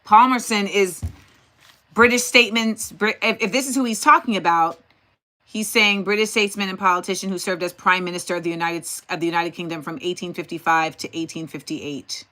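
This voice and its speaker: Bright-voiced woman chatting on a livestream. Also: fairly low pitch, fairly even intonation, brisk. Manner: chatty, thinking aloud, talks to the chat. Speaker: host. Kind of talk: casual livestream commentary.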